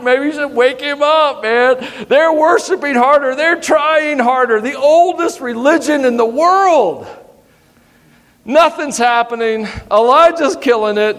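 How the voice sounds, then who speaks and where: A male pastor preaching a sermon in an animated, humorous way, teasing his congregation. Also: extremely high pitch, unhurried. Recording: long hall reverb.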